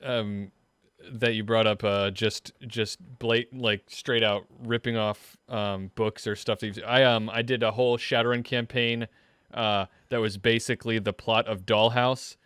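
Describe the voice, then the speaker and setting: A man's voice: fairly low pitch, little pitch movement, measured pace, fairly bright tone, clean tone, dry recording. A man hosting a casual panel show, rambling through his questions and restarting them as he goes. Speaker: show host.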